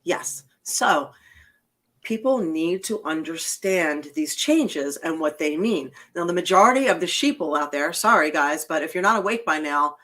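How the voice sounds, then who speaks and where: A woman's voice: sits low, animated, unhurried, fairly bright tone. A woman hosting a political podcast, talking bluntly and emphatically, swearing freely in casual chat. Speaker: podcast host.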